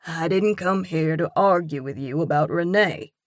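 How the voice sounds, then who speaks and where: A woman's voice: deep voice, moderate pace, no room sound, clean studio sound, natural voice. Woman doing an easygoing teasing young man. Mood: teasing, calm. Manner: even, wry drawl. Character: man, warm easygoing teasing love interest.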